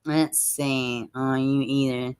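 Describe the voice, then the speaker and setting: A woman hosting a casual livestream, chatting straight to her viewers and reading their comments aloud, with soft asides under her breath. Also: rumbling low, level tone, slow pace, clear, resonant tone. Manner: frequent soft asides while fiddling with links. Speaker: livestream host.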